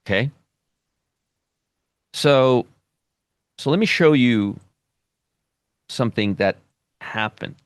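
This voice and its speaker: A man's voice: medium pitch, expressive, slow pace, long pauses, no room sound. A man teaching a trading lesson at a whiteboard, emphatic, repeating phrases and checking in with "okay?". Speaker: trading educator.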